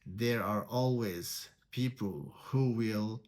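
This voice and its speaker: A man teaching meditation in a spiritual talk. He speaks deliberately, repeats key words, and poses rhetorical questions. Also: lowish voice, darkish tone.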